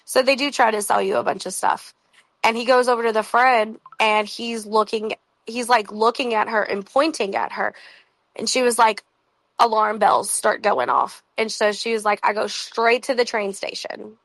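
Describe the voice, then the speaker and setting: A woman tells a story to her viewers in a loose, chatty way, with plenty of "like"s and quick asides. Her voice has a gravelly fry to it. The recording is dry and close, with no room sound. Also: on the high side, fairly bright tone, no echo, poor audio. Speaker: vlogger. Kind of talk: casual storytelling.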